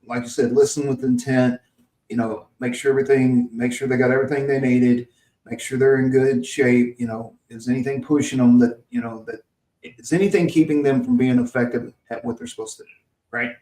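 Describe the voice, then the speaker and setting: Chatting casually on his podcast, a man from Mississippi tells a rambling workplace tale with many restarts and chuckles. He speaks briskly in a mid-range, dark-toned voice with fairly even intonation, set back from a distant mic in a roomy space.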